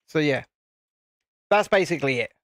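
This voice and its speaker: A man's voice: on the high side, animated, normal speed, a bit bright, dry recording, studio quality. A man with a British accent hosting a live stream, chatting casually and rambling while he builds at his desk. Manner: chatty, rambling, reads viewer comments aloud. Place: home streaming setup with lights and cameras. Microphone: desk mic at a streaming setup.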